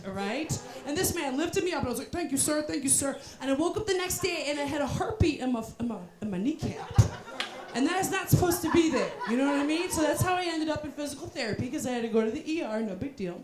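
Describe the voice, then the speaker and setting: A young woman performing a stand-up comedy set, telling self-deprecating stories with voiced asides and punchlines. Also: high voice. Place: live comedy venue with audience. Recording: roomy live venue with crowd.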